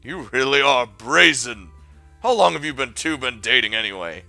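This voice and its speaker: A man's voice: medium pitch, animated, normal speed, gravelly, bright, forceful tone, faint music behind, full character voice. A man voicing a snippy, judgmental teenage girl classmate with a sneering manner while reading a visual novel aloud.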